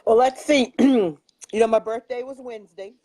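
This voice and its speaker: A woman's voice: fairly high pitch, moderate pace, dark tone, dry recording, poor audio. An older woman chatting casually on a radio show, telling stories with frequent laughs and restarts. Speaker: regular guest.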